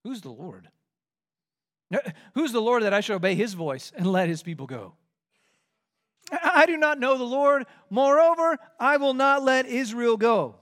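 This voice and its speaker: A man's voice: high-pitched, very animated, moderate pace. A man voicing a proud, scornful male king who mocks and dismisses the people pleading before him. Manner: dismissive, mocking.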